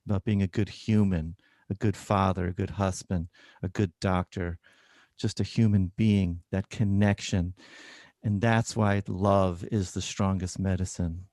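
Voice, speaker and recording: A man, an oncologist, telling a personal story in an interview, animated and acting out dialogue. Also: fairly low pitch, no echo, studio quality. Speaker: oncologist, guest.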